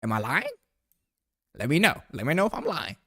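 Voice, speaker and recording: Young male streamer, casual rambling recap, animated pitch, dry close sound. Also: a little fast, vocal fry, husky, no echo. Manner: rambling, playful, calls viewers bro. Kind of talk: casual chat over photos.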